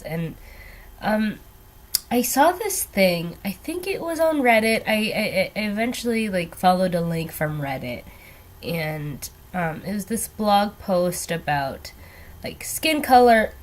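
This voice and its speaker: Young woman rambling through her makeup. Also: fairly low pitch. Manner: rambling, hesitant, many ums and trailing asides. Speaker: beauty vlogger. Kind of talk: casual get-ready-with-me chat. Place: at home doing makeup.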